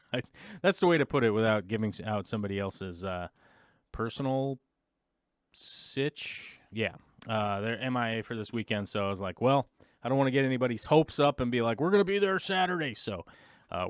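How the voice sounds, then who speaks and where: A man's voice: fairly low pitch, clear, resonant tone, dry recording, studio quality. A man hosting a casual livestream chat, rambling with many fillers and playfully mimicking other people. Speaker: livestream host.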